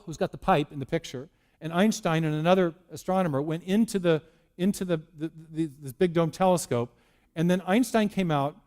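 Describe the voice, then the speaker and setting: A man's voice: sits high, darkish tone. A man giving a public lecture, explaining step by step with frequent restarts and repeated words.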